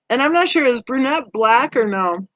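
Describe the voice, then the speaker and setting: A woman hosting a true crime channel, chatting with viewers and reading their comments, conversational and quick to laugh. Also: on the high side, a bit bright, dry recording, lo-fi sound. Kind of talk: livestream chat reading comments.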